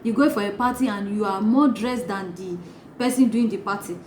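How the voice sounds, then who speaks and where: A woman's voice: mid-range voice, fairly quick. A woman giving a motivational talk, acting out little scenes of gossip as she teaches. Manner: animated, acts out gossip in asides. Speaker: life coach. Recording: echoey room, faint noise.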